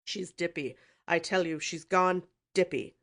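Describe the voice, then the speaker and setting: Storybook role: a blustering old uncle, loud and huffy, put on by a woman narrator. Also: lowish voice, lively intonation, normal speed, gravelly. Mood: indignant. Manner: snorting, loud, indignant.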